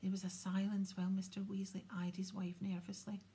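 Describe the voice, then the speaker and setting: Breathy, soft-spoken woman reading a story. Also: medium pitch, completely flat delivery, fairly quick. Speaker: audiobook reader. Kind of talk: storybook narration.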